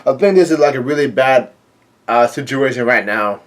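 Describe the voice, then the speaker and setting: A man casually recapping a comic chapter, halting and full of fillers. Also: mid-range voice. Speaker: manga chapter reader. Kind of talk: casual manga recap reading.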